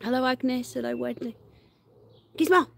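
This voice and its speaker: A woman's voice: fairly high pitch, lively intonation, a little slow, darkish tone. A woman hosting a casual garden livestream, chatting to viewers and cooing baby talk at her dog with frequent laughter, recorded outdoors. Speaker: livestream host. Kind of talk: casual live-stream chat with pets and viewers.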